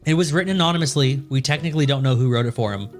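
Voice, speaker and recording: A man co-hosting a podcast races through a history tale in a medium-pitched voice, joking loosely and cursing freely as he chats. Soft music plays behind him.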